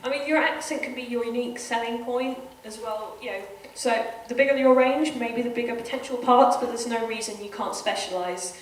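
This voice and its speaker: British woman with a slightly high voice running a con panel, very echoey hall, heard from far off. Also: a little fast, few pauses, a little hiss or hum. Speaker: panel host. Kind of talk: convention panel talk. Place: convention hall.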